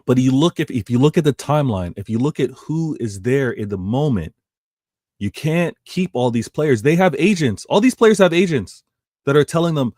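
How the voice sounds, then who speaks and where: A man's voice: mid-range voice, lively intonation, normal speed, darkish tone, dry recording, studio quality. A man co-hosting a casual football chat, rambling and restarting his phrases. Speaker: co-host.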